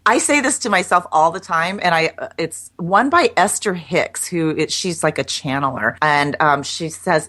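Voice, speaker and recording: A woman's voice: sits low, lively intonation, normal speed, hardly any pauses, bright, forceful tone. A middle-aged woman guest chatting casually in an interview, laughing often and restarting her sentences. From United States.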